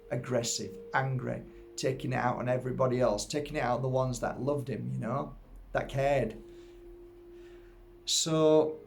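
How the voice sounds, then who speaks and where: A man's voice: medium pitch, vocal fry, darkish tone, a little hiss or hum. A middle-aged man from Yorkshire, England, giving an earnest, reflective personal talk to viewers as an energy healer. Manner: earnest, heartfelt, musing. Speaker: energy healer and spiritual teacher.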